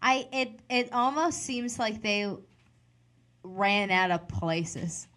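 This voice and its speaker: A woman co-hosting a casual talk show, candid and wry, quick to tease her co-host. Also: mid-range voice, steady tone, a bit bright. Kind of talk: casual banter.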